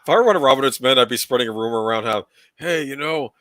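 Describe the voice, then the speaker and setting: A man's voice: medium pitch, expressive, racing, pushed and bright, no room sound. A man hosting a casual watch-along commentary, chatty, laughing often and trailing off mid-sentence. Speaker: host.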